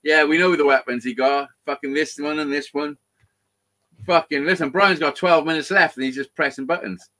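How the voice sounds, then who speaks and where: A man's voice: on the high side, fairly even intonation, moderate pace, pushed and bright. A man hosting a casual live stream chat, swearing a lot and laughing often.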